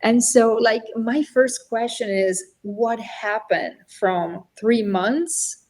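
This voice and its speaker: A woman's voice: on the high side, a little mellow. A woman hosting a podcast interview over a video call, asking questions with many fillers. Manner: unhurried with fillers. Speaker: podcast host.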